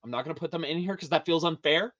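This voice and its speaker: A man as a podcast guest in casual chat, animated and profane, laughing often. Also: on the high side, quick pace, dull audio.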